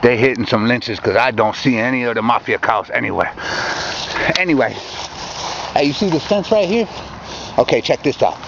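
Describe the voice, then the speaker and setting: With a creaky, mid-range voice and lively intonation, a Michigan vlogger rambles and rants at a moderate pace, pausing often. He's by a yard fence and campfire at dusk, shot on a handheld camera. The sound is dull lo-fi camcorder audio with faint outdoor ambience and background noise.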